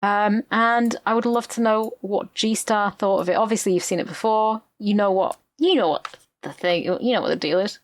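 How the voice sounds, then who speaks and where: Woman co-host, salty animated film recap, dry close sound, mid pitch. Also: moderate pace, no echo. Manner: swears freely, animated retelling. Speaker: podcast co-host. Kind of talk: casual chat recapping a film.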